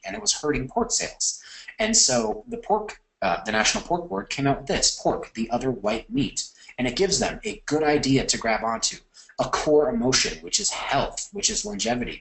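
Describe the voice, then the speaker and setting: Low-voiced man teaching a course. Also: a bit bright, poor audio. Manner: conversational, with fillers and self-corrections. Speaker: course instructor. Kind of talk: recorded lecture on copywriting.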